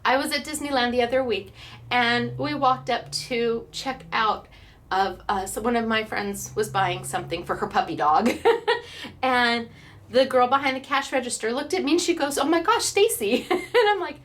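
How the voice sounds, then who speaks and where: A chatty, bubbly woman hosts a crafting class and talks straight to her online viewers. Her voice sits a little high, and she laughs often as she goes along. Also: normal speed, a bit bright, a little hiss or hum. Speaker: craft store host. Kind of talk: casual chat to online viewers.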